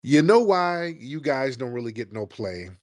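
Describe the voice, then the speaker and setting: A man hosting a live call-in stream, arguing back at callers with rapid-fire mocking insults. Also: medium pitch, big pitch swings, no room sound, clean studio sound. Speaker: host.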